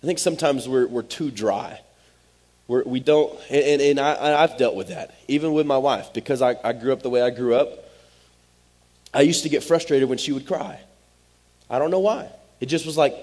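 A man's voice: medium pitch, brisk, a little mellow. A man, preaching a sermon as pastor in a direct, conversational way. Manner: direct, conversational, Southern-tinged "y'all" asides.

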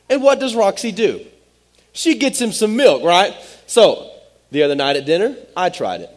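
Husky-voiced pastor preaching conversationally. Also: male voice, fairly high pitch, big pitch swings, normal speed. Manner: direct, conversational, Southern-tinged "y'all" asides. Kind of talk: sermon.

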